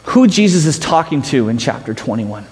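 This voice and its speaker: A man's voice: mid-range voice, very animated, moderate pace, darkish tone, big-room sound. A man preaching a sermon as pastor, telling stories with self-mocking humor.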